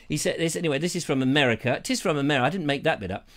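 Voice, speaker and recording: Lively, jokey male live-show host. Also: fairly high pitch, racing. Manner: jokey, rambling, playful. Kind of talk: casual live-stream chat.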